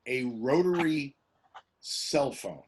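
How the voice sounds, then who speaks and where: A man's voice: medium pitch, slow, slight background noise. A radio personality man in a casual comedic chat over a video call, laughing often as he tells stories. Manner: laughs often, animated storytelling.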